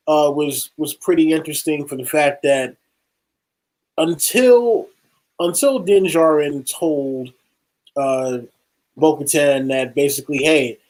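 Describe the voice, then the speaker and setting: A man co-hosting a casual review podcast who gets animated and acts out the characters in jokey voices. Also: fairly high pitch. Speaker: podcast co-host.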